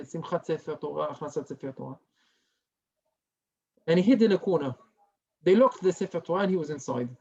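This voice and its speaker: A male rabbi giving a Torah lesson as a story, lively and dropping to a hush for the dramatic parts. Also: high voice, slightly rough, dull audio. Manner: animated storyteller who drops to a hushed tone for dramatic parts.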